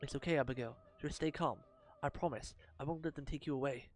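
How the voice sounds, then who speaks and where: A man voicing a gentle young male executioner who pleads and reassures. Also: mid-range voice, quick pace, faint music behind, close to an everyday voice. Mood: reassuring.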